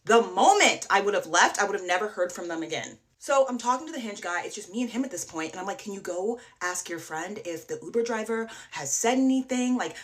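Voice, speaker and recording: A young woman telling a dating horror story to her phone in a casual, animated way, acting out what people said and swearing freely. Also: mid-range voice, a little fast, hardly any pauses. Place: indoors, TikTok video.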